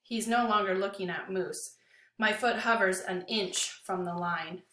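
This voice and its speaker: A woman teacher reading a novel aloud to her class with an expressive, dramatic delivery. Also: medium pitch, measured pace, roomy sound.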